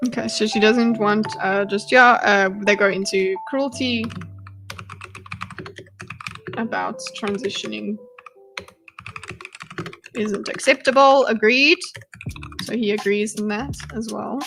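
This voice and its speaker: A woman's voice: mid-range voice, fairly even intonation, a little slow, gravelly, over music. A woman hosting a live stream, casually reacting to a debate video, thinking aloud and greeting her chat. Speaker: commentary streamer.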